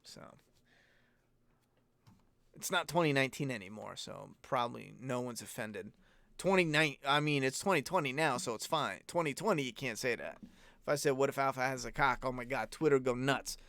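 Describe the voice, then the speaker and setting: A man's voice: medium pitch, lively intonation, normal speed, creaky, a bit bright, no echo. A man hosting a casual live-stream Q&A, talking bluntly and rambling, with plenty of swearing. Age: adult parent. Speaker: host answering viewer questions.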